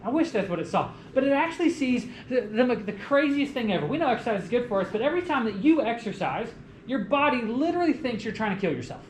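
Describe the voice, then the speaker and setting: A young man giving a lively college lecture, joking and asking the class questions. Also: very high-pitched, quick pace. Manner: animated, jokey, asks the class questions. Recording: echoey classroom with faint room noise.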